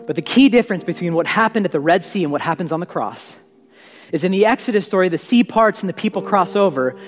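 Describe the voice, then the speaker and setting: A man preaching with a fairly high voice that rings through a large, reverberant sanctuary. He sounds conversational and animated, often circling back on his words as he builds his point. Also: fast, soft background music. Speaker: pastor. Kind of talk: sermon. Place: church sanctuary. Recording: echoey hall reverb.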